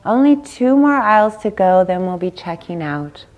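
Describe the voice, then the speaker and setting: A woman voicing a calm, patient young mother who soothes and reassures in a gentle tone, told within a talk. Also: medium pitch, normal speed, dull audio, lightly acted. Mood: soothing.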